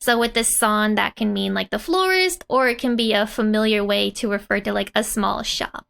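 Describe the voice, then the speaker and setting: A woman with a medium-pitched, gravelly yet slightly bright and clean-toned voice speaks at a moderate pace. She teaches a casual language lesson explaining manga dialogue, chatty and giggly, frequently saying "like".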